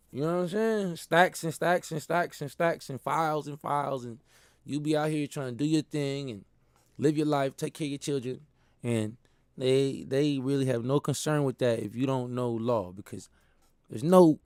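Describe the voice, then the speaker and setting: Guy riffing and storytelling, kinda high voice, dry close sound, lots of laughs. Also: smooth, dry recording. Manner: animated storytelling with laughs and slang. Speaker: host. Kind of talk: casual monologue.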